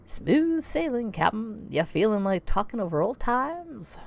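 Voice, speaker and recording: Streamer putting on a bright young ghost deckhand, chipper and eager, bouncy pitch. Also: female voice, sing-song, unhurried, vocal fry, heavily acted. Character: cheerful ghost sailor in an urn, young man.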